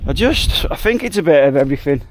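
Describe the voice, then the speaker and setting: A man's voice: a little high, animated, fast, slight background noise. A man, talking reflectively and from the heart while walking in the mountains. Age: 40s. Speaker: hiking vlogger. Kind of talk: emotional hiking vlog. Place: outdoors in mountains by a lake.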